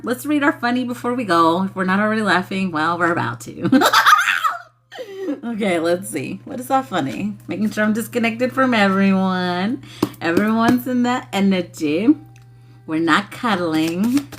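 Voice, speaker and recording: Woman, giggly and profane, wildly swooping pitch, unhurried delivery, casual live-stream chat. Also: very animated. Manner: giggly, breaks into frequent laughter; blunt and profane, addresses viewers as y'all. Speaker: spiritual channel host.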